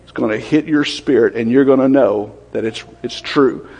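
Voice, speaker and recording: A man preaching a sermon, quick-fire and lively, often asking questions of the congregation. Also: medium pitch, slightly rough, big-room sound.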